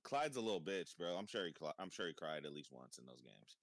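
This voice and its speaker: A man's voice: low voice, sing-song, fairly quick, creaky, fairly bright tone, no echo. A young man hosting a casual chat, laughing often, swearing freely and rambling about a cartoon episode. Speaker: podcast host.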